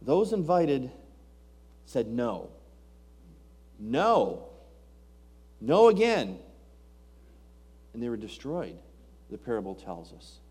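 A man's voice: mid-range voice, big pitch swings, slow pace, pauses often, a little mellow, slightly rough. A man preaching a sermon, reading scripture aloud and asking rhetorical questions with rising emphasis. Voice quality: King James scripture reading.

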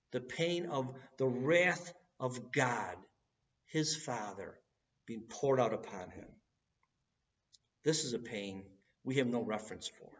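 Male preacher, unhurried earnest sermon delivery, recorded from a distance with a dull sound. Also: medium pitch. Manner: earnest, building to cries at key moments.

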